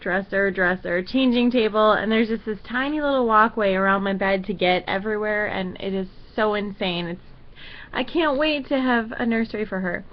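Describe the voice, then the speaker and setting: A woman's voice: mid-range voice, normal speed, lo-fi sound. A young woman vlogging to camera in a casual, rambling way, telling a personal story with many fillers.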